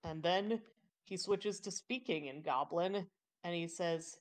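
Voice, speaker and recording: Slow-speaking low-voiced woman. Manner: slow, deliberate narration of her character. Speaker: player. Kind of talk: casual tabletop game chat.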